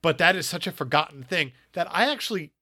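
A man's voice: a little high, animated, fast talker, bright, forceful tone, breathy edge. A man co-hosting a podcast, recapping a movie in casual, jokey chat and arguing points with laughs. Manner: jokey, argumentative, laughs often. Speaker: podcast co-host.

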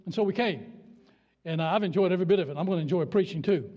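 A man's voice: high-pitched, very fast, darkish tone. A man in his seventies from Virginia, preaching a sermon in a church in a folksy, joking, emphatic way. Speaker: guest preacher. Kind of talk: sermon with jokes. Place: church sanctuary. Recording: dull sound with long church reverb.

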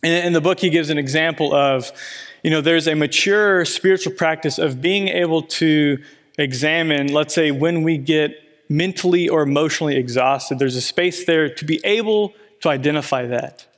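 A man giving a sermon in a church, telling a story in a relaxed way with many "you know" fillers. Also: fairly high pitch, moderate pace. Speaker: preacher. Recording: long reverb in a large hall.

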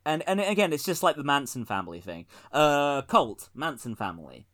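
A man's voice: fairly high pitch, sing-song, normal speed, sharp tone. A man co-hosting a casual political podcast, wry and rambling, often laughing at his own jokes. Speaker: podcast co-host.

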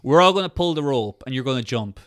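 A man chatting casually on a podcast, retelling film scenes with loud acted-out quotes and frequent swearing. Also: mid-range voice, expressive, quick pace, no echo, studio quality. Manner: swears freely. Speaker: podcast co-host.

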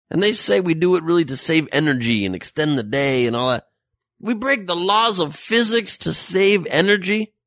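A man's voice: high-pitched, fairly bright tone, no echo, studio quality. A man hosting a satirical comedy show, ranting with sarcastic incredulity. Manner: sarcastic, incredulous, mock rants. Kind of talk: satirical monologue.

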